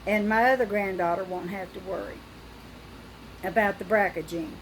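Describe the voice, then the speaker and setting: An older woman talking through a personal video diary, frightened and halting, with pauses and restarts. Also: mid-range voice, steady tone, slight background noise, low-quality recording. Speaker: vlogger.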